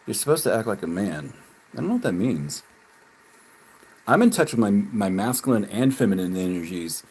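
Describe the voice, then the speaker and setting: A slightly rough-voiced man on a livestream rants at his chat, mocking and profane. He laughs often and swings between loud jabs and low muttering.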